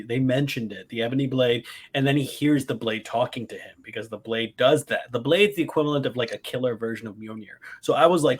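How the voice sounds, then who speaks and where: A man co-hosting a podcast, excitedly retelling his movie reactions in casual, swearing chat. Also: mid-range voice, fast, few pauses. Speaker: podcast co-host.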